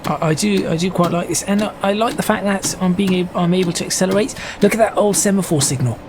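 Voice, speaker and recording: A man's voice: high voice, fast. A man giving casual, stop-start gameplay commentary as a video host. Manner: chatty, stop-start, self-correcting. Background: train sim game noise.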